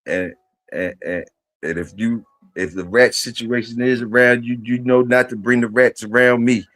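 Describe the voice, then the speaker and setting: A man hosts a live stream in a loose, rambling, profane chat, tossing questions at his viewers. His voice sits at an ordinary middle pitch. The sound is close and dry. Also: fairly even intonation, normal speed, a bit bright, dry recording.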